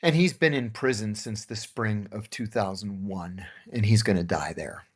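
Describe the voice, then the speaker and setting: A man's voice: lowish voice, moderate pace, slightly rough. A middle-aged man hosting a podcast, telling anecdotes in a casual way and acting out the dialogue. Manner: anecdotal, acts out dialogue in his tales. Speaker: podcast host.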